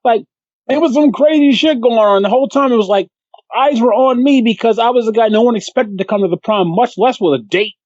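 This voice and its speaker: A man's voice: extremely high pitch, brisk, no echo, dull audio. A man co-hosting a podcast in casual chat, telling stories with a lot of swearing and acting out the voices of the people he quotes. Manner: animated storyteller, swears freely, acts out the people he quotes. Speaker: podcast co-host.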